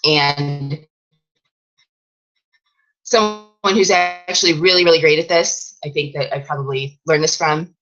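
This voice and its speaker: Female fitness coach, deep-ish voice, casual training talk full of "um" and "you know", slightly lo-fi. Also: unhurried, long pauses, a bit bright, faint music behind. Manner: chatty, with many fillers and restarts.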